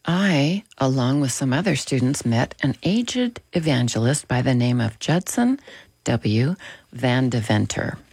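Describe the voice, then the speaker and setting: A man hosting a radio program, reading a Christian book aloud in a slow, gentle, deliberate way. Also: medium pitch, lively intonation, slightly rough, no echo.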